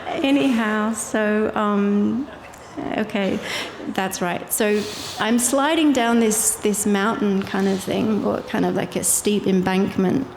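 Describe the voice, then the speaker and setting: An Irish woman recounts a personal story as a guest, vivid and quick to laugh. Her voice sits in the middle of the range for a woman. It carries the long echo of a hall, with faint noise underneath. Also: mid-range voice. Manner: vivid, laughs easily while telling. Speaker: guest sharing her testimony.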